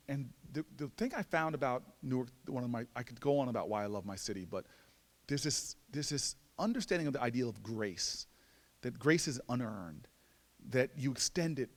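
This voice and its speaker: Animated man telling a story in a hall. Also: mid-range voice. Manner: animated, self-mocking, with stammered repeats. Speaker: guest lecturer. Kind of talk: storytelling speech. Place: large lecture hall. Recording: long hall reverb.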